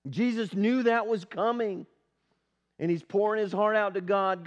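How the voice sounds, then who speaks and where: A man's voice: sits high, steady tone, unhurried. A male pastor giving an earnest, conversational sermon at a church service, often asking the congregation questions. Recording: dull lo-fi sermon recording.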